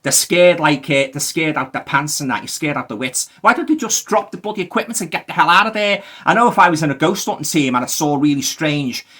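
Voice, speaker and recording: A man's voice: a little high, animated, fairly quick, few pauses, fairly bright tone, slightly rough. A man with a Liverpool accent giving a rambling, exasperated spoken movie review, full of fillers.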